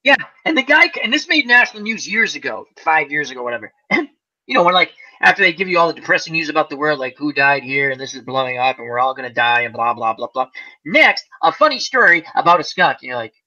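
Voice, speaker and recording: Host, male, lively chatty storyteller, bright tone, muffled audio. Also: fairly high pitch, fast talker. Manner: animated storyteller, acts out voices. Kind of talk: casual chat.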